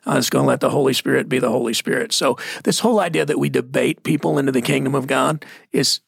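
A man's voice: mid-range voice, fast talker, creaky, breathy edge, no echo, clean studio sound. A man with a Texan accent talking bluntly and folksily about faith, laughing often. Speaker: Christian podcast guest. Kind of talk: casual faith discussion.

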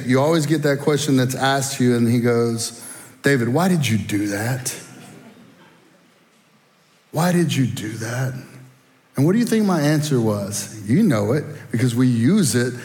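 A middle-aged man preaching a sermon, telling folksy personal stories and speaking straight to the congregation. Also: a little high. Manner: folksy, animated storytelling, addresses the audience directly. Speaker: guest speaker at a church. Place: church auditorium. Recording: long reverb in a large hall.

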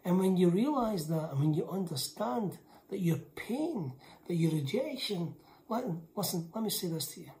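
A woman preaching a sermon with emphasis. She repeats lines for weight and often drops into a hushed whisper. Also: on the low side, sing-song, moderate pace.

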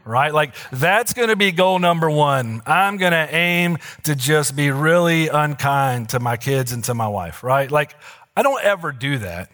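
A man's voice: a little high, animated, a little slow, a bit bright. A man in his thirties, a pastor giving a sermon in a loose, conversational way with frequent asides to the congregation. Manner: conversational preaching with fillers and asides.

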